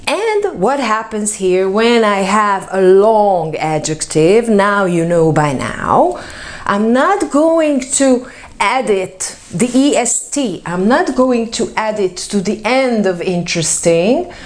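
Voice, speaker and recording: A woman teaching English grammar as a teacher and coach, speaking slowly and drawing out her example words. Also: medium pitch, lively intonation. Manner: slow, deliberate, stretches example words.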